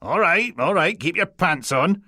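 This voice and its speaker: A man's voice: high-pitched, animated, a little slow, sharp tone, no room sound, studio quality, voice pushed up, full character voice. A man voicing a brash, rude female detective inspector with a Scottish accent, bossing her team around. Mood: bossy. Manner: bossy, rude and teasing.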